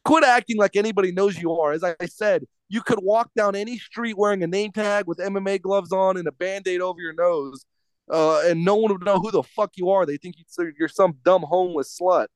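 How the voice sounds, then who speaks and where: A man's voice: high voice, fairly quick, clear, resonant tone, dry recording. A man co-hosting a podcast, ranting profanely in casual chat with lots of stumbling restarts. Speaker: podcast co-host.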